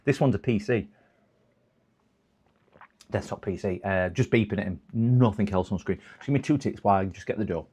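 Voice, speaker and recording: A man's voice: fairly low pitch, moderate pace, long pauses, warm tone, slightly rough. A man chatting casually on a live stream while repairing electronics. He rambles, chuckles often and talks to his chat.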